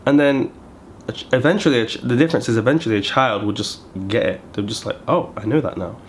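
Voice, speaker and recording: A man's voice: medium pitch, fast talker, a little hiss or hum. A man vlogging in casual chat to camera, rambling and thinking aloud as he goes.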